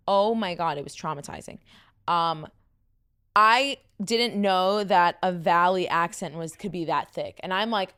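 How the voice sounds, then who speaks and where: A young woman hosting her own podcast in casual, chatty talk. Her voice sits a bit deep, with some vocal fry, and she runs on with fillers and asides. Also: measured pace, fairly bright tone. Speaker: podcast host. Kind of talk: casual chat.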